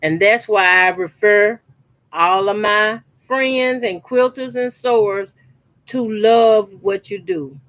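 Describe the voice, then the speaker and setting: A woman's voice: medium pitch, slow, fairly bright tone, dry recording. A woman, chatting casually to her viewers while she cuts fabric scraps for a quilt, emphatic and repetitive. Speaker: sewing channel host. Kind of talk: casual chat while sewing. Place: her sewing corner at home.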